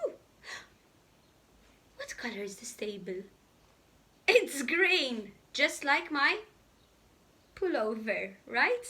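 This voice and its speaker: A woman's voice: high-pitched, takes it slowly, pauses often, a little hiss or hum. A woman reading a picture book aloud to young children, playful and speaking straight to them. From Malta. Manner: animated, playful, talks to the children directly. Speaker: children's storyteller.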